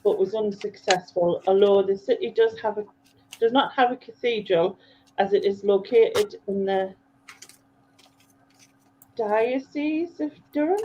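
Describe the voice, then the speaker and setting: A woman's voice: medium pitch, unhurried, pauses often, slight background noise. Chatty woman. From North East England. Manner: chatty, loose with frequent restarts and laughter. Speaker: chat participant. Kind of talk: casual chat among friends. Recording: slightly dull, muffled sound.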